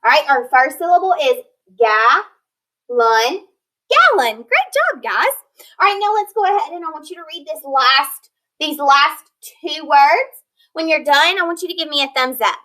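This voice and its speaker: A woman teacher giving a recorded phonics lesson, slowly sounding out words and prompting her students. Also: sits high, very animated, sharp tone, low-quality recording. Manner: slow, clear modeling of word sounds with praise and prompts.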